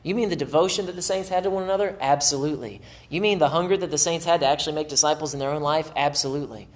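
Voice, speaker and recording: Preaching as a pastor, this middle-aged man races along in a slightly high voice. His sermon feels like a lively conversation, punctuated by acted asides.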